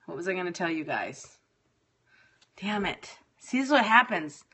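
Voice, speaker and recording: Bright-voiced profane woman livestreaming. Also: on the low side, sing-song, normal speed, breathy edge. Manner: exasperated, profane, scattered. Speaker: livestream host. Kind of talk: casual livestream chat with viewers.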